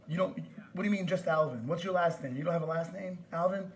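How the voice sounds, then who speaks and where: A man with a fairly high voice rants at a store over the phone, aggressive and profane, repeating himself again and again. The recording sounds roomy and echoey. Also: quick pace, a little hiss or hum. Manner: aggressive, repeats demands, swears. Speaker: customer complaining to a store. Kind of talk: heated phone argument.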